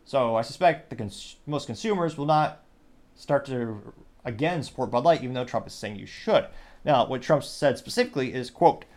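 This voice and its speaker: Dude doing his news podcast, wry, wanders off on tangents, mid-pitched voice. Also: expressive, normal speed, a little mellow. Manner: wry, digressive, joking asides. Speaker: podcast host.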